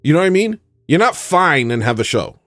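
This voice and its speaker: Man rambling with wild, jumpy pitch. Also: big pitch swings, brisk, soft background music. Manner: self-mocking, theatrical, bursts into sudden yells. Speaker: livestream host. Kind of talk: rambling comedic livestream monologue.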